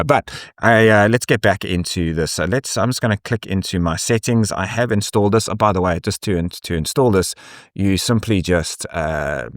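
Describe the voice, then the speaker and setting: A man with an English South African accent, giving a casual, thinking-aloud software review full of ums and restarts. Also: deep voice, no room sound, studio quality. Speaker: tech reviewer.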